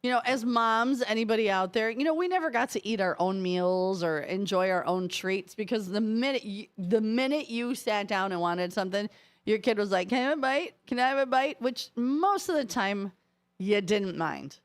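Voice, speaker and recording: A woman's voice: medium pitch, normal speed. A middle-aged woman co-hosting a radio show, telling family stories in casual chat and laughing often. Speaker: radio co-host.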